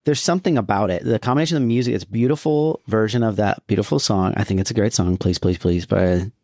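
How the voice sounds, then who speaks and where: A man hosting a casual film podcast, enthusiastic and quick to laugh as he recounts favorite scenes. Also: on the low side, darkish tone, no room sound, studio quality. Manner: enthusiastic, laughs often, acts out quotes. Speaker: podcast host.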